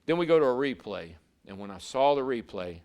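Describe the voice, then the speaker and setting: His mid-range voice is a little mellow, with lively intonation and a fairly quick pace. The former racer, now a broadcaster, vividly tells a story while being interviewed, often repeating himself.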